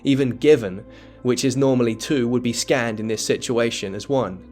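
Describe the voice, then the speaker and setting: A man giving scripted educational narration that explains a play, in a measured, dramatic storytelling tone. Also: medium pitch, darkish tone, faint music behind. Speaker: literature explainer.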